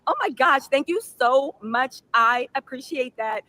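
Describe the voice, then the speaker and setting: A woman hosting a live reaction stream, giving sassy, animated commentary and reading out viewer messages. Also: high-pitched, no echo, rough recording. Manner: sassy, fast-talking, mimics people she describes. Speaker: livestream host reacting to trial news.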